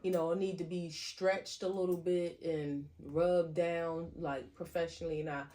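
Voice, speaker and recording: A woman co-hosting a podcast in casual chat, chatty and quick to laugh. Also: on the low side, steady tone, a little hiss or hum. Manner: chatty, laughs easily, loud-ish. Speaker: podcast co-host.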